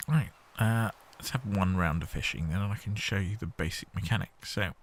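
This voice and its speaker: A man's voice: sits low, moderate pace, slight background noise. A man hosting a game playthrough, chatting casually and explaining the controls step by step. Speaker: gaming host.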